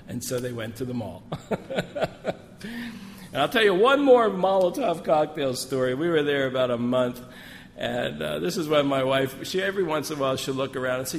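Folksy male preacher with a mid-range voice, relaxed sermon storytelling, recorded in a hall with long reverb. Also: mid-range voice, moderate pace, creaky. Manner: folksy, joking storyteller, many asides. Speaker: missionary speaker. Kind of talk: sermon with personal stories. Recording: long hall reverb, faint room noise.

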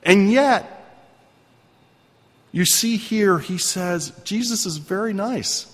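A man's voice: sits high, slow, a bit bright. Man preaching in an echoing hall. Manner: conversational, earnest, asks the congregation questions. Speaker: pastor. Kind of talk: sermon. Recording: long reverb of a hall.

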